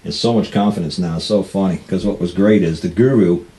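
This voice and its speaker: A man's voice: low-pitched, fairly quick, dark tone. A man hosting a talk show, telling rambling anecdotes and acting out what other people said, often laughing. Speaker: radio show host. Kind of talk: casual storytelling.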